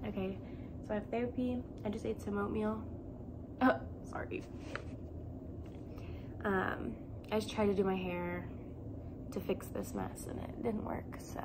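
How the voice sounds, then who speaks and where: Young woman, crafter vlogger, hoarse and croaky, rambling with fillers, faint background noise. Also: mid-range voice. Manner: rambling, filler-heavy, slips into soft whispery phrases. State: losing her voice, unwell. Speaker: crochet vlogger. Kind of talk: casual vlog chat.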